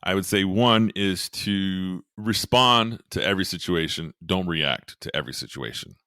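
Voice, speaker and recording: A man's voice: low voice, moderate pace, sharp tone, smooth, no echo, clean studio sound. A middle-aged man, a podcast guest, earnestly telling a personal story and repeating words as he thinks. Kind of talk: candid storytelling.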